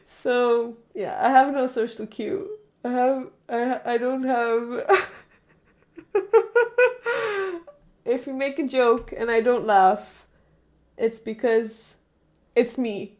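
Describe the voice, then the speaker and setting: A woman's voice: a little high, takes it slowly, pauses often, darkish tone. A young woman streamer chatting casually with her live chat, rambling, correcting herself and laughing often.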